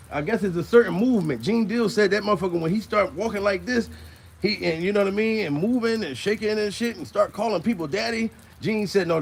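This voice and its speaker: A man's voice: high-pitched, vocal fry, breathy edge. A man doing casual comedic commentary, crude and rambling, laughing between lines and out of breath.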